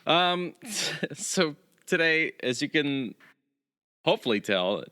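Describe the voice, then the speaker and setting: A man's voice: fairly high pitch, expressive, slow pace, pushed and bright, clear, resonant tone, no echo, clean studio sound. A man co-hosting a podcast, speaking in casual, jokey banter and rambling with many ums. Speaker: podcast co-host.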